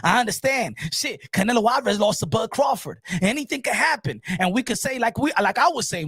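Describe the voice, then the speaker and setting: A man hosting a boxing talk show, ranting fast and loud in a sing-song way, then dropping to a hushed mock-calm. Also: very high voice, slightly rough, no echo, clean studio sound.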